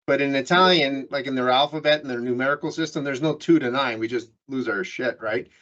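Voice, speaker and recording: The muffled recording carries a Canadian business podcast host's mid-range, slightly bright voice at a brisk pace. He tells stories in a jokey, loose manner during a casual interview, restarting often.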